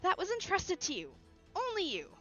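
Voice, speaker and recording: An earnest young female shield knight, impassioned and resolute, as a woman puts her on. The voice sits well above the reader's own, bright and cutting. Faint music sits under dull, lo-fi stream audio. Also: extremely high pitch, wildly swooping pitch, moderate pace, pitched above the performer's own voice, exaggerated voice. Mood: indignant. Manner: raised, impassioned declamation.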